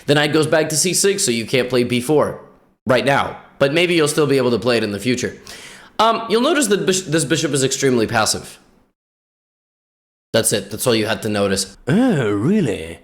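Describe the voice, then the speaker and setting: A man's voice: mid-range voice, expressive, brisk. A man giving joking chess commentary in a playful, wisecracking way. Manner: playful, wisecracking, jumps into silly voices. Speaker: chess YouTuber.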